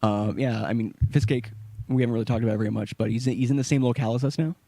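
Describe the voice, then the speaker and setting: A man's voice: mid-range voice, fairly even intonation, rapid-fire, mellow, no echo. A man co-hosting a gaming podcast, laid-back and casual as he wraps up the show. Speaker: podcast co-host. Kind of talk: casual chat.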